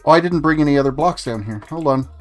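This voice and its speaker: A Canadian man in his forties chats casually through his gameplay livestream, answering his chat as he plays. He talks at a quick pace in a fairly high voice, with faint music in the background.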